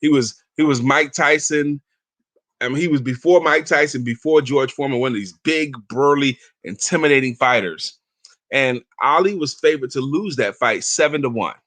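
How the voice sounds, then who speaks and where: Bright-voiced man in his fifties. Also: medium pitch, normal speed, no echo. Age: 50s. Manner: storytelling, emphatic, chatty. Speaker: motivational talk host. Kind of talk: live inspirational talk and reading aloud.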